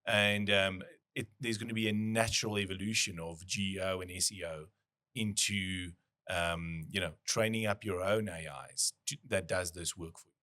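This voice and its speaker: Brief: male podcast host, low voice, easygoing, restarts his sentences a lot. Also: normal speed. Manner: relaxed, restarts often, thinks aloud. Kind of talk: casual business chat.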